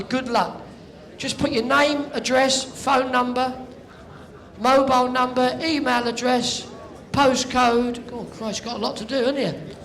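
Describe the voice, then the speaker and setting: A man's voice: very high voice, fairly bright tone. A man working as an arena compère, teasing and joking with the audience through crowd banter. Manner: teasing, jokey, calls out to the audience. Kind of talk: cheeky crowd warm-up banter. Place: indoor sports arena.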